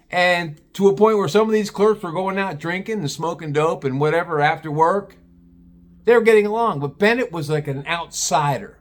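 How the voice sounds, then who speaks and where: A man telling a casual story to his own camera, rambling, restarting often and swearing casually. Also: a little high. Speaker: storyteller, former meat department manager. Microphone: camera he films himself with.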